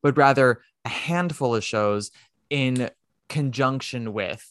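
A man's voice: medium pitch, takes it slowly, no echo. A man hosts a theatre podcast in a wry, opinionated way, teasing his guest as he goes. His voice sounds dry and close, with no room sound around it. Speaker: podcast host. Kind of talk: casual chat.

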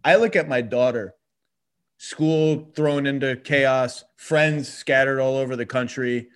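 A man's voice: mid-range voice, clean tone. Reflective man hosting a podcast. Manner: reflective, halting, with frequent restarts. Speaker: podcast host. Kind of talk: casual conversation.

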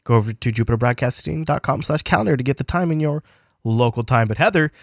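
A man's voice: mid-range voice, fast, vocal fry, dry recording, clean studio sound. A man hosting a casual science podcast, rambling and playful, with a cold that strains his voice. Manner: rambling, self-correcting, playful asides. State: has a cold, losing his voice. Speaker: podcast host.

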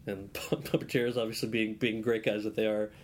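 A man's voice: on the low side, level tone, brisk, slight background noise. Rambling man telling a podcast story. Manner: rambling storyteller with many restarts. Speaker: guest. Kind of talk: casual podcast interview.

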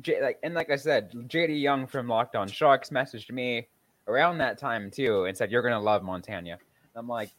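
A man co-hosting a podcast in casual chat, easygoing and amused, often pausing with fillers. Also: mid-range voice, a bit bright, no room sound. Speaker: podcast co-host.

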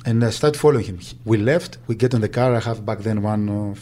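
Greek-accented man, low voice, halting interview recollection. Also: mellow. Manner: halting, many fillers and restarts. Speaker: agent.

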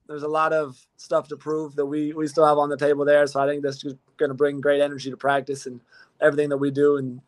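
A young man in his twenties, a football player answering interview questions in a measured, modest way, often restarting his phrases. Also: on the high side. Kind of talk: casual interview.

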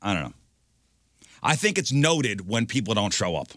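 A man hosting a radio show, talking in a bright, ringing voice that moves around a lot in pitch. He rambles in a dry, self-deprecating way, and the studio sound is close and dead. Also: sing-song, normal speed, no room sound. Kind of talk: casual studio banter.

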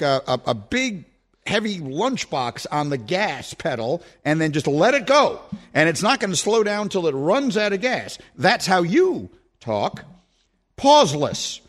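A man hosts a sports radio show in the studio, his voice a little high and full of movement. He talks in wry, animated runs, stacking up his points one by one. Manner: animated, wry, speaks in lists with rhetorical pauses. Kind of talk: casual sports radio banter.

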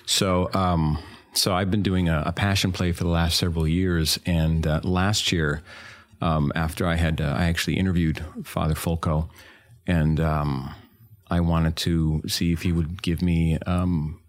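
A man's voice: low-pitched, level tone, measured pace. A man talking as a guest on a podcast, hesitant with many fillers and restarts. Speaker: guest actor. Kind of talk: casual podcast chat.

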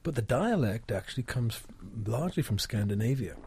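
A man from Northeast England, a songwriter being interviewed, explaining things in a measured way. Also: medium pitch, very animated, a little mellow, breathy edge. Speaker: songwriter, guest. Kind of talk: interview conversation.

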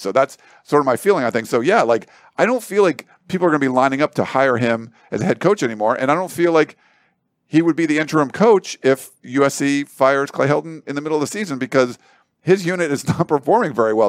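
A man's voice: medium pitch, no room sound, clean studio sound. Rambling casual male sports analyst. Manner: rambling, loose, full of fillers and analogies. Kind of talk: casual panel discussion.

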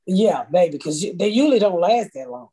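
A woman's voice: lowish voice, very animated, brisk, mellow, slightly rough. A middle-aged woman from the United States, a guest talking casually and telling stories bluntly, with plenty of profanity. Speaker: podcast guest. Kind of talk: casual chat.

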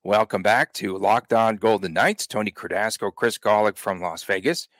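A man's voice: fairly low pitch, normal speed, a bit bright, no room sound. A man co-hosting a sports podcast, joking and rambling in casual chat. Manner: joking, rambling, laughs often. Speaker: podcast co-host.

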